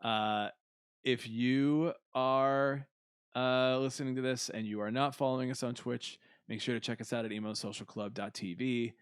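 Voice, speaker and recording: A man's voice: mid-range voice, fairly even intonation, a little fast, hardly any pauses, smooth, no room sound, studio quality. A young man co-hosting a casual podcast, telling awkward stories on himself with lots of laughing and swearing. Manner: self-mocking, laughing, swearing storyteller. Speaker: podcast co-host.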